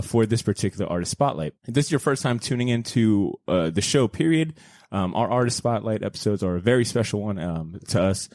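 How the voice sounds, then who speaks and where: A man's voice: lowish voice, a little mellow, dry recording, clean studio sound. A man hosting a comic book podcast, joking loosely and tripping over words as he laughs. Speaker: podcast host. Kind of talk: casual chat.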